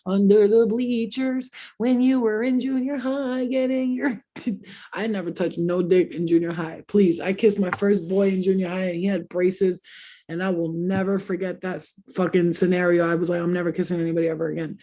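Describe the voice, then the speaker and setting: Husky-voiced woman telling crude stories. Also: mid-range voice, fairly even intonation, moderate pace, mellow. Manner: candid, crude storytelling with frequent laughs. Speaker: host. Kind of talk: casual chat.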